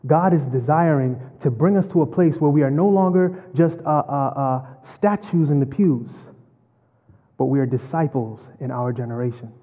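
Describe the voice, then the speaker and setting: A man preaching a sermon and telling a story, swinging from loud to hushed. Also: on the high side, moderate pace. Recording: phone-like, long hall reverb.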